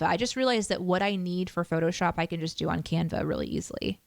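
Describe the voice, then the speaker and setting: A woman's voice: mid-range voice, dry recording. A woman streamer chatting casually with her viewers, reading chat aloud and teasing herself. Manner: chatty, self-deprecating, reads chat aloud.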